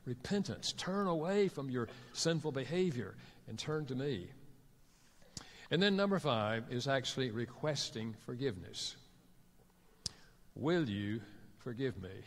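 A man's voice: mid-range voice, big pitch swings, moderate pace. Man preaching in a reverberant hall. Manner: storytelling, acts out quoted couples in dialogue. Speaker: pastor and marriage counselor. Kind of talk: sermon.

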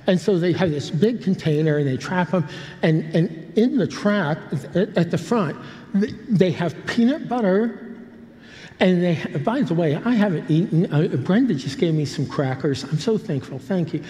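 A man's voice: sits high, animated, normal speed, mellow. Older preacher man in an echoing hall. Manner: rambling, self-interrupting with humorous asides. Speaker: pastor. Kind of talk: sermon storytelling. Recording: long hall reverb.

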